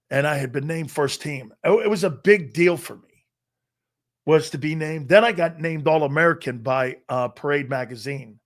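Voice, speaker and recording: A middle-aged man from Connecticut hosting a live sports talk show, telling personal stories in an animated, emphatic way and swearing freely. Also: a little high.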